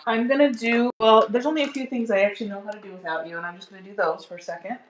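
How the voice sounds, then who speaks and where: A woman chatting while she sews, explaining her steps with excited giggles. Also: medium pitch, rapid-fire, roomy sound, a little hiss or hum. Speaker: guest sewing along.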